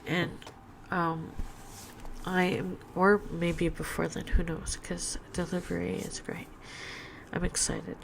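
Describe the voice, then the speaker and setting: A woman with a tired voice rambling slowly through a casual home vlog, full of fillers and restarts. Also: fairly low pitch, vocal fry, slight background noise. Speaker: vlogger. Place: at home, in her apartment. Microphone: webcam setup.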